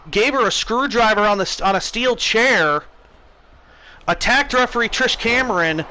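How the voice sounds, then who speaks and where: An American man calls a wrestling match on his stream with excitable play-by-play energy. His voice sits high for a man and rings bright and sharp. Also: low-quality recording. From United States.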